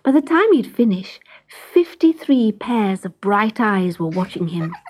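A woman reading a children's storybook aloud, gentle and expressive, often dropping into a whisper. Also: mid-range voice, a little slow, a little hiss or hum.

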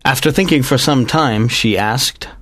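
A man narrating a dramatized audiobook in a measured, even storytelling manner. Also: medium pitch, dry recording.

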